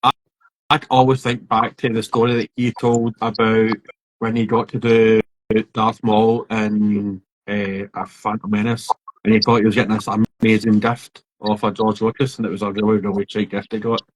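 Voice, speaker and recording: A man's voice: on the low side, normal speed, dry recording, low-quality recording. A man co-hosting a podcast, chatting casually and rambling through his stories. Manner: rambling, animated storyteller. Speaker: podcast co-host. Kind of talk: casual chat.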